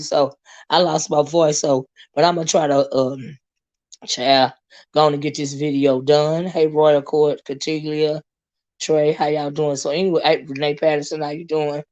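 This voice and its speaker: Hoarse woman chatting on a livestream. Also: low-pitched, darkish tone, dull audio. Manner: chatty, many fillers and asides. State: hoarse, lost her voice. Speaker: livestream host. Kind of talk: casual livestream chat greeting viewers.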